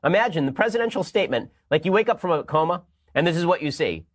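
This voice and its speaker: A male host giving sarcastic news commentary, fast and mocking, breaking into bursts of laughter. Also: on the high side, expressive.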